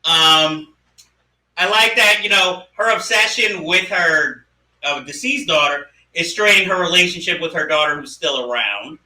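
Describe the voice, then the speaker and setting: A man co-hosting a casual movie discussion podcast, animated and laughing often as he acts out lines. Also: on the high side, unhurried, reverberant, far from the mic, rough recording. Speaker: podcast co-host.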